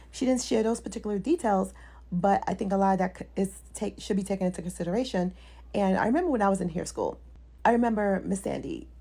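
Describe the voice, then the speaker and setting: A woman's voice: medium pitch, gravelly, darkish tone, husky. A woman hairstylist giving her opinion in casual, rambling talking-head commentary. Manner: fast, talkative, rambling.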